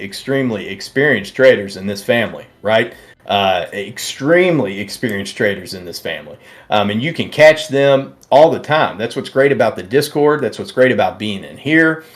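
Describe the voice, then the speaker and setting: Guy hosting a live trading stream, bouncy animated voice, rambly and friendly, faint music behind. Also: mid-range voice. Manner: warm, rambling, reads chat aloud, many restarts. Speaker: livestream host. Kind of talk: casual livestream chat.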